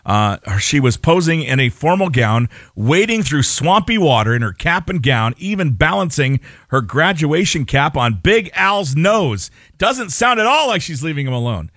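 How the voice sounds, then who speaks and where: A man on a radio morning show tells a news item in a casual, joking way, breaking into laughter and wry asides. His voice sits a bit high and sounds dry and close in the studio. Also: very animated, moderate pace, fairly bright tone, no room sound. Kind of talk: casual radio banter, reading a news story.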